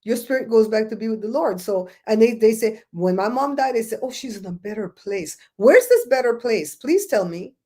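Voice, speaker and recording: A woman's voice: on the high side, animated, normal speed, hardly any pauses, a little mellow. A middle-aged woman hosting a casual talk show, ranting bluntly and telling stories with mocking quoted voices. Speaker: host.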